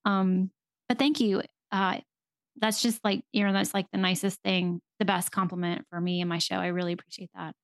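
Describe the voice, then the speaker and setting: Chatty woman with a gravelly edge. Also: mid-range voice, level tone, normal speed, dry recording. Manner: chatty, candid, many fillers. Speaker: therapist and podcast guest. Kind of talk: casual conversational interview.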